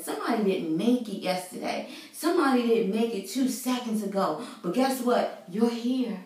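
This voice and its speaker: A woman's voice: on the high side, animated, normal speed, hardly any pauses, darkish tone, far from the mic. A woman vlogger giving an earnest, preachy faith talk to her viewers, casual and full of fillers. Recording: very echoey room, voice away from mic.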